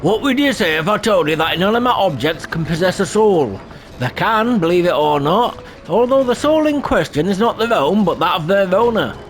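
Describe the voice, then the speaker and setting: A man's voice: sits high, big pitch swings, moderate pace. A man voicing a learned, formal teacher of crystal lore, reading in a shaky put-on accent with small stumbles. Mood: instructive. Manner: stilted put-on accent, read aloud with stumbles.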